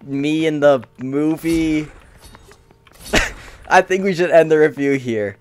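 A man's voice: a little high, slow, slight background noise. A young man co-hosting a casual book review while gaming, rambling and slangy, often swearing and getting sidetracked. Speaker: co-host.

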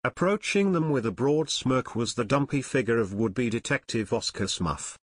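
A man reading an unabridged audiobook aloud as its narrator, in steady scripted narration. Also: mid-range voice, normal speed, husky, dry recording, studio quality.

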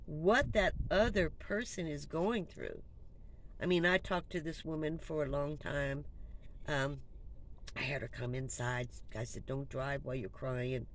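A woman vlogger telling a personal story in a casual, conversational way, trailing off and restarting and dropping to a hush in the sad parts. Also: fairly low pitch, poor audio. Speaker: van-life vlogger. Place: inside her van. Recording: clear ambient background noise.

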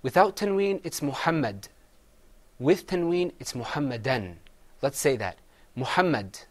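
A man's voice: a little high, sing-song, moderate pace, darkish tone. A man teaching Quran recitation, patiently having his students repeat words after him. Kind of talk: classroom recitation lesson.

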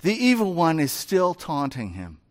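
A man preaching an expository sermon as pastor, speaking deliberately and asking his congregation rhetorical questions. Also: on the high side, wildly swooping pitch.

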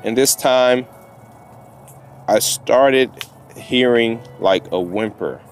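A man telling a story to camera outdoors with his dogs, getting animated and worked up as he retells it. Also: mid-range voice, takes it slowly, faint music behind. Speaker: vlogger and dog trainer.

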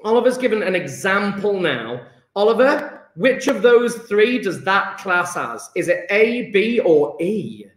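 A man's voice: high voice, big pitch swings, unhurried, a bit bright, a little hiss or hum. Male chemistry teacher, emphatic and enthusiastic, echoey room. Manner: enthusiastic, emphatic, calls on students by name. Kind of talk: live online lesson with students.

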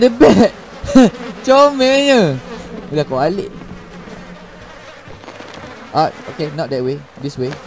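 High-voiced Malaysian gamer man. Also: background noise. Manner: mixes English and Malay, bursts into frantic shouting when chased. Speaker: gaming channel host. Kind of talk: casual horror game commentary.

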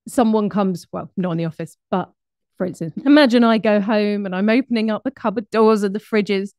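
Brief: woman presenter, chatty and animated, mid-range voice, close dry recording. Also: mid-range voice, fairly quick, dry recording. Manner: lively, conversational, with laughs and asides. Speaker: speaker on behaviour. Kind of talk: presentation to an audience.

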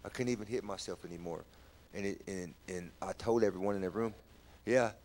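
A man telling his personal testimony in a church talk, halting and repeating words, his voice rising when he is stirred. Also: sits low, darkish tone, a little hiss or hum. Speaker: guest sharing testimony.

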